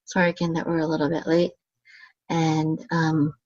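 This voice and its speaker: A woman's voice: monotone, darkish tone, no room sound. Woman teaching Hebrew chant marks, lo-fi. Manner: chants the marks and words higher and slower, explains at a quick low murmur, many ums. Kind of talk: casual teaching, chanting trope words.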